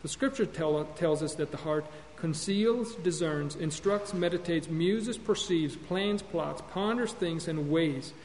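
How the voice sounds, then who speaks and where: A man's voice: on the high side, a little slow, few pauses, a little mellow. A man teaching an earnest Bible lesson on counseling, sermon-style, often repeating and correcting himself as he goes. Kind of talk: classroom-style sermon lecture. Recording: long hall reverb with faint hum.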